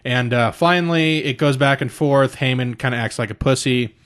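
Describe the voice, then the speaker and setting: A young man co-hosts a casual podcast, rambling through a recap full of swearing and restarts. His voice is medium in pitch and a bit bright, and he talks at a moderate pace.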